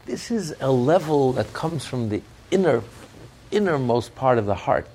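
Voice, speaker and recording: A man's voice: mid-range voice, animated, normal speed, mellow, slight background noise. A man giving an impassioned sermon as a rabbi, often restarting his words as he searches for them.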